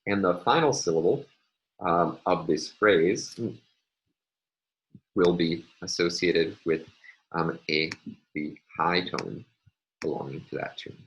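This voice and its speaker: A linguistics lecturer with a very low, slightly bright voice records a lesson at his computer, annotating on screen as he goes. He works methodically step by step, filling pauses with ums and uhs, in a rough recording with a little background noise.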